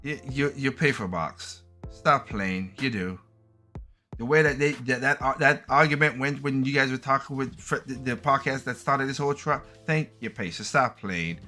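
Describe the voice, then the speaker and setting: Bright-voiced man in his thirties, rambling. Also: mid-range voice, soft background music. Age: 30s. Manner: laid-back, rambling, halting restarts. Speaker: podcast co-host. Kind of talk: casual podcast chat.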